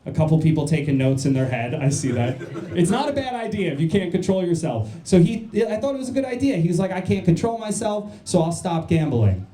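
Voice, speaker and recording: Very animated, a New Jersey stand-up comedian works a comedy club crowd with crude self-mocking jokes and quick audience jabs. His slightly high voice has a mellow, unforced tone, and the stage mic catches the echoey room.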